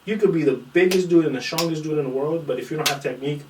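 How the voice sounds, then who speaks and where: Fast-talking and fairly high-voiced, a jiu-jitsu guy tells a long, profane story on an informal podcast, imitating the people he quotes. Background noise is audible, and the distant mic picks up the echo of the small podcast room.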